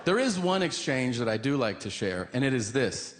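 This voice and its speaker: A man's voice: mid-range voice, sing-song, moderate pace. A man performing a stand-up comedy set on stage, telling profane stories and acting out the dialogue. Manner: conversational, profane storytelling with acted-out dialogue. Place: comedy stage before a live audience. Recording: live stand-up with loud crowd and room noise. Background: loud audience laughter.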